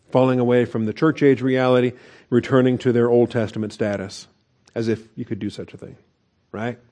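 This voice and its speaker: A man's voice: medium pitch, darkish tone. A man preaching a conversational sermon as pastor, with asides and chuckles.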